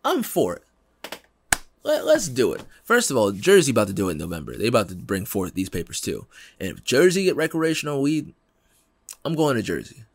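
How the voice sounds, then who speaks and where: A young man hosting a podcast in casual chat, animated and laughing, acting out quotes in slangy talk. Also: mid-range voice, brisk. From Pennsylvania, United States. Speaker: podcast host.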